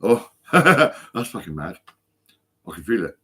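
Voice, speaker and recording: A stoned man talks into his phone in a fairly low voice. He rambles, restarts and stumbles over his words, swearing in nearly every sentence. It is a loose, unscripted vlog. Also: moderate pace, a little mellow, breathy edge. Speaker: vlogger.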